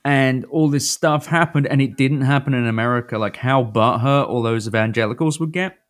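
A man's voice: medium pitch, moderate pace. A man co-hosting a podcast, riffing sarcastically with lots of swearing. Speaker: podcast co-host. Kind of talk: casual chat.

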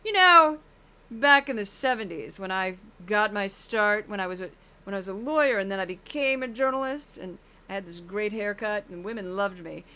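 A woman doing an impression of a boastful, self-absorbed older male TV pundit who rambles loudly about himself. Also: medium pitch, animated, moderate pace, smooth.

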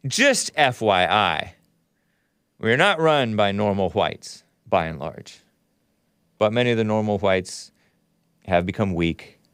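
Blunt opinionated man, smooth dry voice. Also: lowish voice, animated, slow, long pauses, fairly bright tone, no room sound. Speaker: livestream show host. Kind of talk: casual opinion commentary, reading viewer chats.

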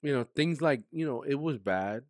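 A man speaking as a podcast guest, telling a personal story candidly in casual slang, his voice sinking soft and low at the painful parts. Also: lively intonation, normal speed, no room sound, studio quality. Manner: emotional, drops to a soft low voice when recounting hard moments; casual slang-heavy speech.

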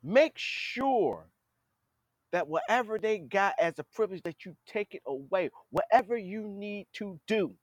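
Blunt, high, lively man scolding politicians. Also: a little slow, no echo. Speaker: podcast host. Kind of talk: political commentary monologue.

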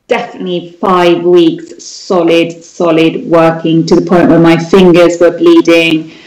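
Animated woman, echoey room. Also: fairly low pitch, unhurried. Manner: animated, lively retelling with quoted outbursts. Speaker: jewellery designer, interview guest. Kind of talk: conversational interview storytelling.

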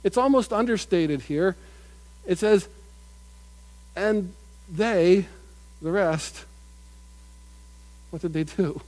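A middle-aged man preaching in a slow, deliberate sermon cadence. His voice sits fairly high for a man and swells with emphatic stress before falling back to quiet, earnest remarks. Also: rough recording. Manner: earnest, builds up with rising emphasis, mimics crowd voices.

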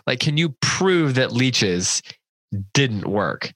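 A man's voice: medium pitch, sing-song, slow pace, a bit bright, dry recording. A man hosting a podcast, chatting playfully and rambling with restarts. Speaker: podcast host. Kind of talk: casual podcast chat.

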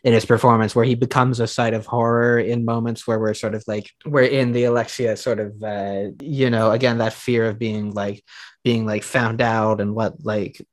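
A man's voice: fairly low pitch, level tone, normal speed. Man, casual film talk, hesitant, lots of restarts. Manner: hesitant, many restarts and fillers. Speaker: podcast co-host. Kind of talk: casual film awards discussion.

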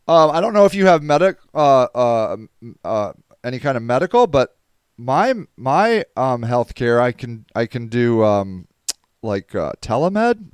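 Tired stuffy-nosed guy rambling thru chat comments on his stream, smooth clear voice, dry close mic. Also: medium pitch, sing-song, moderate pace, no room sound. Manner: rambling, restarts, reads viewer comments aloud. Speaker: podcast host reading live chat. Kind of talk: casual livestream chat.

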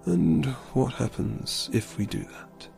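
A man's voice: mid-range voice, big pitch swings, vocal fry, a little mellow, soft background music, heavily acted. A man voicing a large, stern, protective mother bear in a storybook reading. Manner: stern, measured.

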